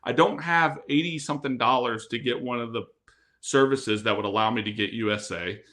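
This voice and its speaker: A man's voice: medium pitch, brisk. A man co-hosting a casual football podcast over a remote call, getting over a cold, talking in a ranting, laugh-filled way. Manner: animated, ranting, laughs often. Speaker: podcast co-host.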